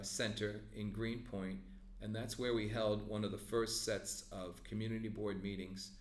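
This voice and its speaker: An older man recalls his working years in an earnest storyteller's way, pausing now and then to apologize. His voice sits on the low side. The recording carries a roomy echo. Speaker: former treatment plant representative. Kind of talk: reminiscing oral history.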